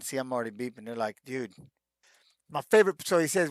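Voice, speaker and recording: A man's voice: mid-range voice, a little fast, no room sound. A middle-aged man, a retired fighter, answering fan questions in a casual live-stream Q&A, rambling with many restarts and fillers.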